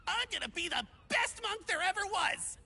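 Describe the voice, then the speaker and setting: A gravelly, high, babbling little male game hero-wannabe. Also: exaggerated voice. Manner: babbling, excitable, theatrical. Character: eager chatty small male would-be adventurer. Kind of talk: video game character voice.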